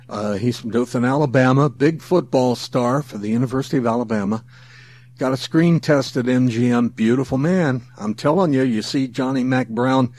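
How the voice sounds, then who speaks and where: A man hosting his own podcast in a folksy, enthusiastic way, chuckling often and speaking straight to the listener. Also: mid-range voice. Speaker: podcast host. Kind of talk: casual podcast monologue.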